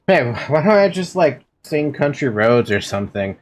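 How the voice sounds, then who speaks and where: A man's voice: medium pitch, big pitch swings, moderate pace, hardly any pauses, slight background noise. A young man streaming a game from home, chatting casually with playful, giggly, melodramatic complaints.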